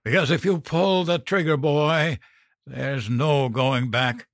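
A man's voice: fairly low pitch, expressive, slow pace, a bit bright, no echo, clean studio sound. Moses, a snarling brutal biker, voiced by a man. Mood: gasping. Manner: snarling, profane threats. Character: brutal foul-mouthed male biker, menacing adult.

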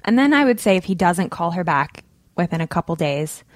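A woman's voice: fairly low pitch, very animated, a little fast, dry recording. Chatty young woman podcast co-host. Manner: chatty, many fillers and restarts. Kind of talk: casual chat.

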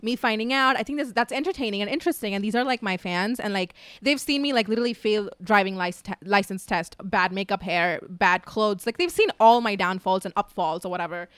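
A woman's voice: medium pitch, brisk, few pauses, a bit bright, clear, resonant tone, no echo. A woman in her twenties chatting candidly on a podcast, full of likes and asides. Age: 20s. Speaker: podcast co-host. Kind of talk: casual chat.

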